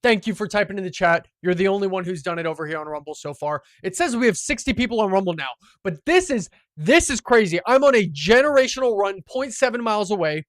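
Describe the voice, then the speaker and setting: A man's voice: high voice, fast, hardly any pauses, dry recording. Hyped, boastful streamer man, dry sound. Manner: excitable, boastful and profane, swinging from shouting to muttering. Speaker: live streamer. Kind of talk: live gameplay commentary.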